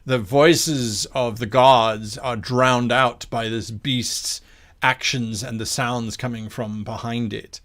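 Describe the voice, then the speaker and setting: A man running a tabletop game as game master, narrating scenes in a measured way with fillers. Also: medium pitch, steady tone, a bit bright.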